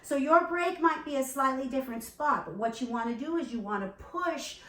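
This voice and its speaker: A woman's voice: high voice, moderate pace, bright, forceful tone. A woman vocal coach teaching a beginner singing lesson, encouraging and demonstrating sounds, with faint keyboard behind her. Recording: echoey room, recorded from a distance.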